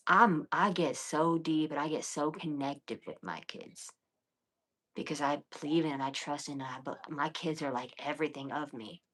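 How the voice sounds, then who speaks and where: A woman in her thirties with a low voice, talking casually to her viewers on a late-night livestream. She is blunt and defiant and swears freely, and she often slips into whispers and quiet mutters between louder remarks. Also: normal speed. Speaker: livestream host.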